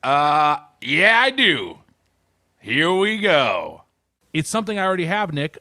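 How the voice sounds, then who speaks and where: A man's voice: on the high side, huge pitch swings, a little slow, pushed and bright, faint music behind. A man co-hosting a comedy podcast who banters and jokes, often hesitating with "uh" mid-sentence. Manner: jokey, bantering, lots of hesitation. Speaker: co-host. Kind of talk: casual comedic chat.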